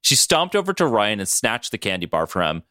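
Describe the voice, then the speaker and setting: A man's voice: fairly low pitch, fairly quick, no echo, studio quality. A man co-hosting a podcast, reading silly fan fiction aloud and laughing at it. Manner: animated, breaks into laughter. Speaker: podcast co-host.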